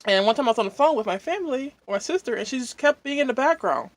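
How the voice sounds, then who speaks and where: A woman's voice: high-pitched, lively intonation, fast talker, no echo. A woman vlogger chatting casually while eating, rambling and venting with lots of fillers and pleased hums between bites. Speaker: mukbang vlogger.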